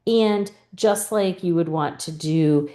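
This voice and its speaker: A woman's voice: on the low side, slow, dark tone, roomy sound. A woman teacher patiently explaining a spelling rule, acting out the questions she asks students. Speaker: reading teacher trainer. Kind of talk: instructional explanation.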